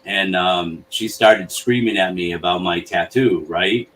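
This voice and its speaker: A man hosting a podcast, telling a story in a relaxed way, often checking in with "right?". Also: deep voice, unhurried. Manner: relaxed, swears, says "right?" a lot. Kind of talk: casual storytelling chat. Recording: distant mic with faint noise.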